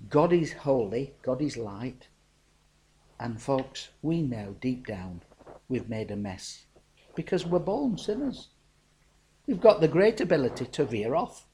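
Folksy preacher. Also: male voice, medium pitch, warm tone. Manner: folksy storytelling, addresses listeners as folks. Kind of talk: sermon.

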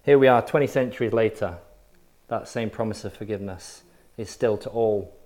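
A man's voice: on the low side, normal speed, darkish tone. A man preaching a sermon in short, punchy, repeated phrases. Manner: emphatic, punchy repetition.

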